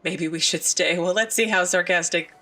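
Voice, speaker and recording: A woman hosting a video game let's play, chatting playfully as she plays. Her voice is bright at a middling pitch, and faint music runs behind her. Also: normal speed. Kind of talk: casual gameplay commentary.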